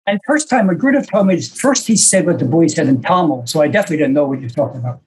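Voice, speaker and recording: Older man, husky breathy voice, somewhat high, reflective, self-deprecating, video call. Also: expressive, rapid-fire, rough recording. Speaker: senior disciple telling stories. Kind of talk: storytelling to a small online group.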